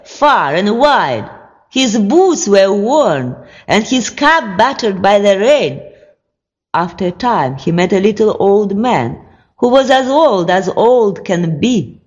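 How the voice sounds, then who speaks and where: Slow, lively-pitched fairy tale narration, echoey hall. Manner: slow expressive storytelling. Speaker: storyteller.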